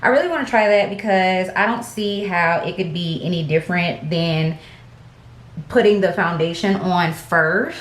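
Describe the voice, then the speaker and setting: A woman's voice: lowish voice, moderate pace, reverberant. A woman beauty vlogger, chatting casually and slangily to her viewers at home. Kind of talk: casual get-ready-with-me chat.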